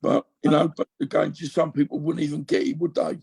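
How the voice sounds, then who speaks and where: Gravelly fifty-something man. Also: a little high, level tone, a little fast, a little mellow. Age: 50s. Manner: rambling, emotional, full of you-knows. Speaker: podcast guest. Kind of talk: candid casual chat.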